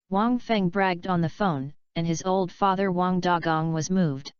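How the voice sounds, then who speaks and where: A woman narrating an audiobook in a steady, even reading voice, in a dull lo-fi recording. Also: lowish voice, unhurried, few pauses, smooth, no room sound. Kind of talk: scripted narration.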